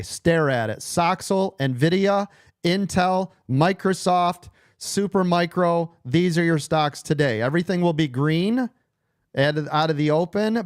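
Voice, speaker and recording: Hoarse man coaching a live trading room. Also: a little high, dry recording, clean studio sound. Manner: blunt, emphatic and profane, repeats key points. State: hoarse, losing his voice.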